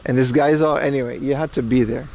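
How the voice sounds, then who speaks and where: A Dutch-accented man from the Netherlands chats casually in an IRL livestream, rambling to his audience as he walks outdoors and through a supermarket, chummily calling chat "bro." His medium-pitched voice is steady, quick, slightly mellow, with vocal fry and slight background noise.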